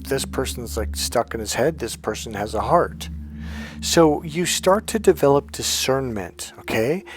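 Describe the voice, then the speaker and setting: In a casual monologue aimed at coaching his audience, a middle-aged man talks in a normal mid-range voice. His storytelling is candid and profane, laying out his own experiences without softening anything.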